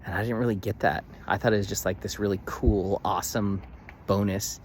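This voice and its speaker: Low-voiced man telling an animated story. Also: fairly quick, a little hiss or hum. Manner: animated, emphatic, many fillers and restarts. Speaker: vlogger. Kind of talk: casual storytelling to camera.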